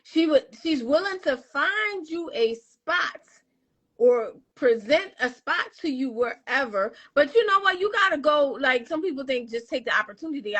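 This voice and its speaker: High-voiced encouraging woman host. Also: fairly bright tone. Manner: encouraging, speaks of faith and God. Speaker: talk show host. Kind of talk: casual interview.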